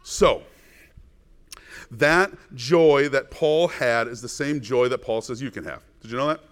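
A man's voice: medium pitch, a little slow. A man preaching a sermon as pastor, earnest and emphatic, asking his congregation rhetorical questions.

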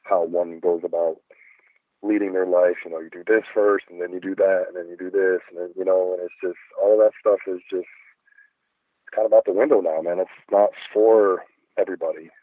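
A man's voice: sits low, fairly even intonation, brisk, no echo. A middle-aged man, a guest artist, chatting in a reflective, rambling way with many fillers. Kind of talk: casual interview chat. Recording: phone-like dry line.

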